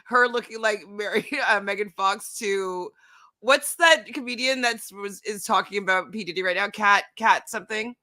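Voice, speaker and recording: A woman's voice: mid-range voice, moderate pace, bright, forceful tone. A woman co-hosting a casual recap show, giving giggly commentary full of fillers.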